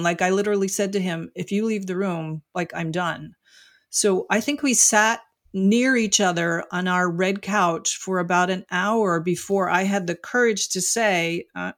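A middle-aged woman, an author and marriage coach, talking frankly and reflectively as an interview guest, often saying "you know" and "like". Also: mid-range voice. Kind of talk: candid interview conversation.

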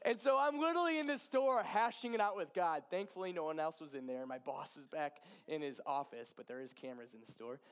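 A man in his thirties, a pastor, telling an emotional personal story from the pulpit with lots of laughter and animated retelling. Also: a little high, brisk, few pauses, smooth. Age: 30s. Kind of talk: sermon storytelling.

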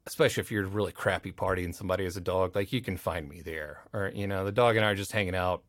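A man's voice: deep voice, rapid-fire, fairly bright tone, dry recording. A man who works as a voice actor at a recording studio, telling rambling stories in a casual interview and slipping into playful quoted voices.

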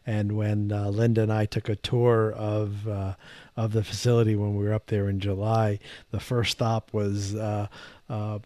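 A man's voice: lowish voice, mellow, no room sound. A man hosting a podcast interview, asking friendly, rambling questions full of fillers. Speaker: podcast host.

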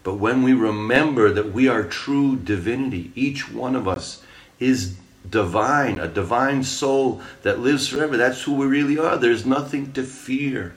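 A man's voice: mid-range voice, a little slow. A man giving an earnest, rambling spiritual talk and telling a parable. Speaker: spiritual speaker.

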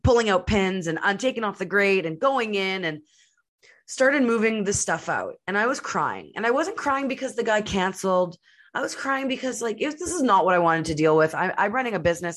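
A woman in her thirties with a low, dark-toned voice hosts her own podcast. She tells a personal story candidly and with feeling, often filling pauses with "like." The delivery is an unscripted monologue. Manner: candid and emotional, many fillers like "like". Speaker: podcast host.

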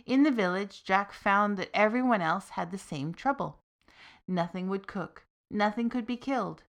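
A woman narrates a folk tale in a steady, expressive way. She reads it as a scripted podcast story. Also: mid-range voice, normal speed.

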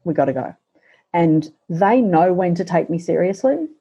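In an interview, a middle-aged female guest with a somewhat low, husky voice recounts a personal story in a mellow, soft-edged tone. She talks haltingly and reflectively, often pausing and restarting, and sounds expressive, though the audio is dull.

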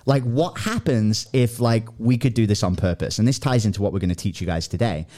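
A man in his thirties co-hosting a podcast, telling a story in casual chat and acting out quotes with excitement. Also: a little fast. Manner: animated, acts out quotes in a high excited voice. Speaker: podcast co-host.

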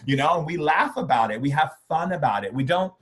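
A man's voice: a little high, animated, a little fast. A man being interviewed as a spiritual workshop leader, talking casually in a playful, joking way and acting out little voices. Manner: playful, jokey, acts out voices.

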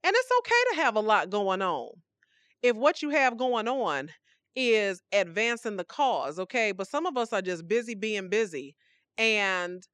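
A woman hosting a faith podcast, teaching scripture in an animated, conversational way with playful asides. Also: mid-range voice, no echo. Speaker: podcast host.

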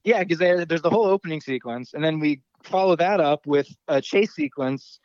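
A man's voice: on the high side, normal speed, darkish tone, clean tone, no echo, muffled recording. A man co-hosting a podcast, chatting casually about a film, rambling, laughing easily and swearing now and then. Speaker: podcast co-host. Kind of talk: casual chat.

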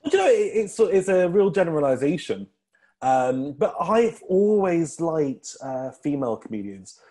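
A man's voice: fairly high pitch, very animated, normal speed, warm tone. A man, a comedian chatting as a podcast guest, rambling with lots of ums and restarts. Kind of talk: casual interview chat.

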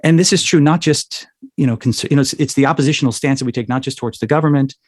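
A man's voice: medium pitch, fast talker, dry recording, studio quality. A man as an interview guest, talking in a thoughtful, lecturing way and often checking in with "right?". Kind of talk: interview answer, explanatory.

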